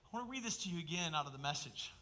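Bright, forceful preaching pastor. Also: male voice, fairly high pitch, animated, rapid-fire. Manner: emphatic preaching with sudden loud bursts and hushed asides. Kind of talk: sermon.

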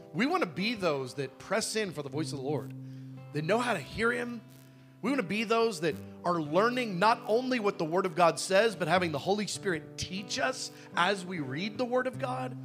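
A man preaching a sermon, telling personal stories and acting out the dialogue in them with animation. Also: sits high. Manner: animated storyteller, acts out dialogue.

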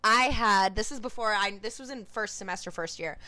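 A young woman in her twenties chats as a podcast guest, racing through her stories and cursing freely. Her voice is bright and clear. The sound is dry and close, like a video call. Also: mid-range voice, no echo. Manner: fast talker who swears freely. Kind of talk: casual storytelling chat.

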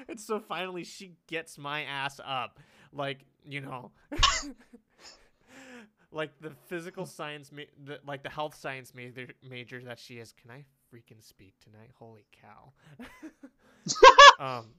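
A man's voice: medium pitch, measured pace, sharp tone. A young man telling a story in casual chat, rambling with lots of fillers and laughing often.

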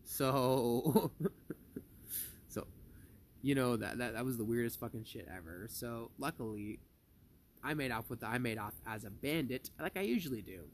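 A man's voice: medium pitch, expressive, brisk, slight background noise. A young man at home, telling a heated, profane story to his viewers in a rambling, casual way. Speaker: vlogger.

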